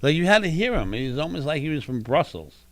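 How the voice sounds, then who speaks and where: A man's voice: fairly high pitch, sing-song, fast talker, fairly bright tone, no echo. A man co-hosting a live stream, chatting casually and teasing. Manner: joking, teasing, does mock impressions. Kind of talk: casual chat.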